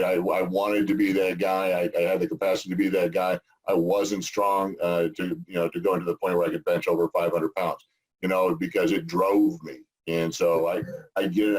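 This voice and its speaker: A man co-hosting a casual interview, folksy and quick to laugh, stumbling over restarts. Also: deep voice, darkish tone, poor audio. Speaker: co-host, former football player.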